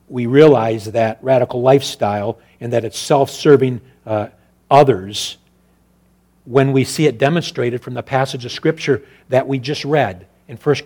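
A man preaching a sermon in a repetitive, rhythmic cadence, dropping to hushed low asides and then rising to loud exhortation. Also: husky. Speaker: pastor.

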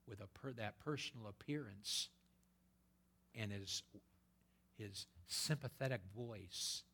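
A man preaching a sermon, quoting scripture and swinging between loud emphatic peaks and hushed whispers. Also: on the low side, slow pace, gravelly, pauses often. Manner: quotes scripture in old-fashioned wording.

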